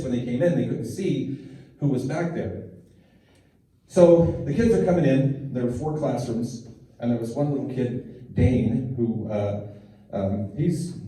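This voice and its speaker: A man's voice: mid-range voice, dark tone. A middle-aged man, a preschool teacher, telling rambling, self-deprecating stories as stand-up, with many restarts. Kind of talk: stand-up storytelling. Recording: echoey hall, voice far from mic.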